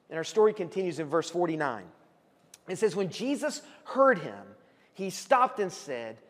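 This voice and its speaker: A man, a pastor preaching a sermon and telling the story vividly, at times calling out loudly as the people in it. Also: high-pitched. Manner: animated storytelling, acts out shouting voices. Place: church hall. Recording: long hall reverb.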